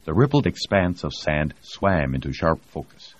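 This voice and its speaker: Very deep, husky male narrator. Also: very animated, normal speed. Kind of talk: audiobook narration. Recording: dull lo-fi audio.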